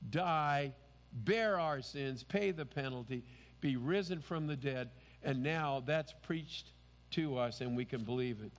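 Man, pastor preaching, slow and earnest, slightly high voice, long hall reverb. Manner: earnest, emphatic preaching with rising exclamations. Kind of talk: sermon.

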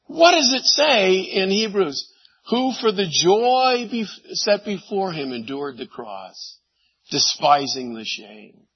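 A man preaching a sermon, animated, swinging from loud exclamations to hushed asides. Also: high-pitched, takes it slowly, slightly rough, lo-fi sound. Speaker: pastor.

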